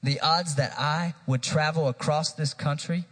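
Energetic male preacher, a bit higher-pitched, sermon recorded in a church with long reverb. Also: measured pace. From Tennessee, USA. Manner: energetic preaching, addressing the congregation directly. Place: church sanctuary.

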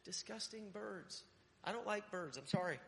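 A man's voice: sits high, expressive, normal speed, gravelly. A young adult male pastor from Connecticut preaching a sermon, telling personal stories and acting out his own thoughts. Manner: storytelling, acts out his own inner voice. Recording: long hall reverb.

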